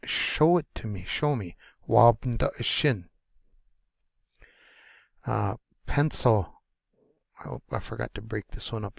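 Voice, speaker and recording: A man teaching pronunciation, sounding out words slowly and repeating each syllable. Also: lowish voice, creaky, dry recording, studio quality. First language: English. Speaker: language teacher. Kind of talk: pronunciation lesson.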